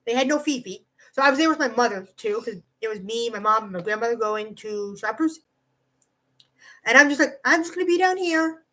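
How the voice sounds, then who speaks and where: A woman's voice: fairly high pitch, fairly quick, rough recording. A woman telling a rambling, profane storytime monologue to her camera, full of "like" and side tangents. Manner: rambling and profane, heavy use of "like"; animated, jumps between asides. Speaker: vlogger.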